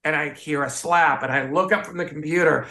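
Gravelly, bright-voiced male storyteller. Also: on the high side, a little fast. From Midwest United States. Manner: animated anecdote teller, acts out quoted voices. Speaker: guest, photographer and author. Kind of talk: casual storytelling interview.

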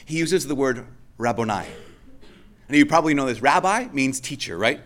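Preaching at a moderate pace, this male pastor keeps his sermon conversational, often starting over and repeating phrases to drive points home. He sounds expressive, with a medium pitch and a fairly bright quality.

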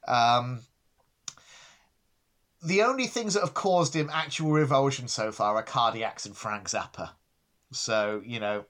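A man's voice: medium pitch, fairly bright tone. A man co-hosting a podcast in casual chat, dry and self-deprecating, often restarting his sentences. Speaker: podcast co-host.

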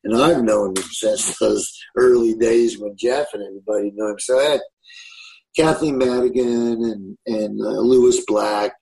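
A man's voice: fairly low pitch, fairly even intonation, moderate pace, gravelly, a little mellow, poor audio. Southern guy in his 60s, laid back, rambles through stories, just chatting. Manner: easygoing, rambling storyteller. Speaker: comedian guest. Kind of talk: casual interview chat.

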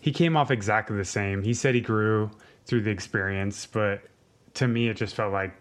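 A man's voice: on the low side, normal speed. A man co-hosting a podcast, laid-back, giving short agreements and blunt opinions. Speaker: podcast co-host. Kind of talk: casual chat.

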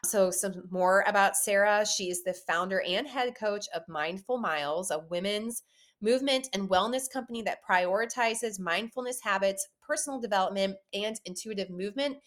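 A woman hosting a running podcast, chatting casually in an animated way and laughing often. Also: mid-range voice, normal speed. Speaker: podcast host. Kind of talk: casual interview chat.

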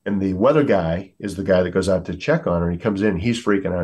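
A man's voice: low-pitched, fast talker, darkish tone, husky. A middle-aged American man, a military veteran, telling war stories earnestly on a podcast, with many fillers and acted-out quotes. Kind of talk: storytelling in a podcast interview.

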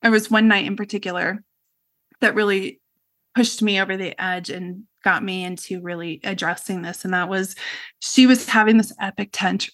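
A woman's voice: mid-range voice, steady tone, normal speed, fairly bright tone. A middle-aged woman, a guest in an interview, telling a personal story in an earnest, reflective way, with frequent fillers like "you know" and "like".

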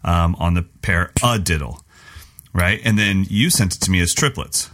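A man's voice: deep voice, moderate pace, fairly bright tone. A middle-aged man co-hosting a podcast, joking around and scatting drum patterns aloud. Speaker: podcast co-host. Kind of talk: casual chat.

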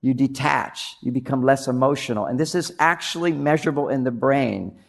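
A man's voice: mid-range voice, moderate pace, gravelly. An older man giving a humorous talk on relationships, acting out little scenes as he tells stories to a laughing audience. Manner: animated storytelling, acts out quotes, audience laughter. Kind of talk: comedic stage talk.

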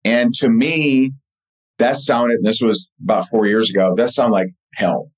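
A man's voice: medium pitch, steady tone, measured pace, rough recording. A man speaking as an interview guest, telling personal stories earnestly with many fillers and restarts. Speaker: podcast guest and author. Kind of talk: casual interview storytelling.

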